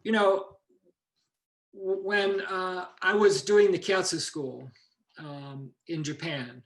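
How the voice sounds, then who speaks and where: Male ki instructor with a higher voice, rambling lecture style, echoey room sound. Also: fairly even intonation, takes it slowly. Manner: loose, digressive, with many restarts. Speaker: ki and meditation teacher. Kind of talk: informal online lecture.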